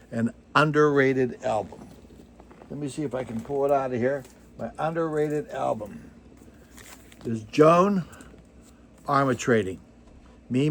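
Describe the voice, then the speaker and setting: A man's voice: on the high side, a bit bright, a little hiss or hum. An older man hosting a vinyl record channel, chatting casually to camera in a rambling, self-deprecating way, full of digressions and fillers.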